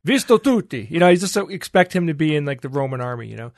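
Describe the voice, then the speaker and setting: A man's voice: a little high, animated, very fast, vocal fry, a little mellow, no echo. A man with a slightly raised voice hosts a casual podcast segment, reading listener letters aloud. His tone is playful and he breaks in with laughing asides. The sound is dry and close, with no room around it.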